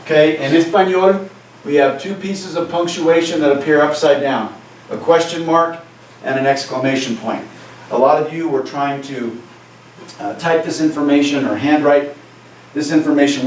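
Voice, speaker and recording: Recorded from a distance in an echoey classroom for cameras, with a little hiss or hum, a man with a mid-range voice gives a Spanish lecture. His style is conversational, and he frequently asks his students "right?".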